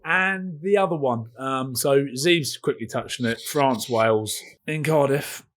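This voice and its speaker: A man co-hosting a casual rugby podcast, animated and swearing freely. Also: medium pitch, a little slow. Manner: animated, swearing, mimics voices in quotes. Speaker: podcast co-host.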